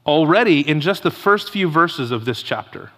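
A man preaching a sermon in a church sanctuary, his voice bright and forceful. He delivers it emphatically, leaning hard into the key phrases. Long reverb from the hall rings behind every sentence. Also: a little high, animated, normal speed, a little hiss or hum. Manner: emphatic preaching with Scripture read aloud. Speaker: pastor. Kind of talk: expository sermon.

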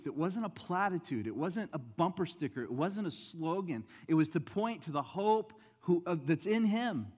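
A man preaching a sermon as pastor, swinging between loud emphatic rises and soft, low asides. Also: in a large hall. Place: church sanctuary.

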